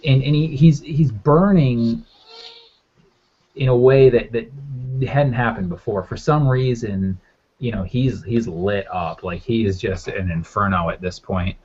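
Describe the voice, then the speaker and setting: A man's voice: mid-range voice, measured pace, darkish tone, husky. A man narrating as game master in a loose, rambling way with lots of fillers. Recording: muffled lo-fi audio.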